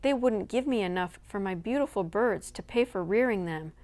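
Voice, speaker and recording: A woman's voice: expressive, normal speed, darkish tone, lightly acted. A woman voicing a proud, dignified pioneer mother, speaking raised and emphatic. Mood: indignant. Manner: raised, high-pitched and emphatic.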